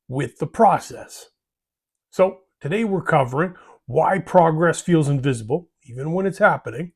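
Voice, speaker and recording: A man's voice: fairly high pitch, breathy edge. A man hosting a hobby channel, delivering a scripted monologue in a folksy way, ending lines with "eh?" and "bud".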